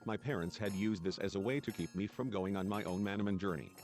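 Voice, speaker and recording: A man's voice: on the low side, quick pace, over music. A man reading game dialogue and narration aloud in a let's play.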